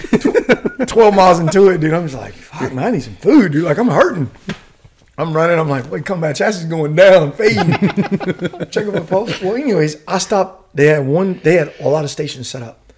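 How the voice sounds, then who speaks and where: A middle-aged man from the United States telling a story as a podcast guest, casual and profane, full of animated asides. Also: fairly high pitch, moderate pace. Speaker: guest, retired Army warrant officer.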